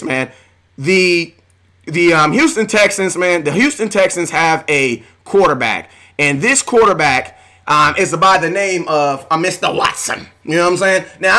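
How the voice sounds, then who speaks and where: A man hosting a casual live stream, shouting out viewers by name in a hyped, talkative way. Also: a little high.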